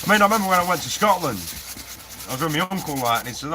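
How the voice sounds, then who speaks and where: While building a prop on a laid-back live stream, a man chats with his audience, laughs frequently, and reads messages aloud. He sounds slightly high and animated, keeping a measured pace with long pauses, while sanding and a 3D printer fill the noisy workshop.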